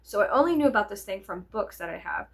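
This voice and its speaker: A young adult woman vlogger tells a casual story, animated and profane, laughing often and going off on tangents with many fillers. Her voice is medium-pitched and she speaks fast.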